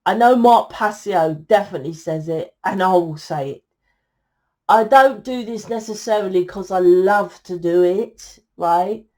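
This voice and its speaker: A woman's voice: mid-range voice, unhurried, a little mellow. A woman giving a tarot reading to her viewers, blunt and exasperated, scolding them and swearing freely. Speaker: tarot reader.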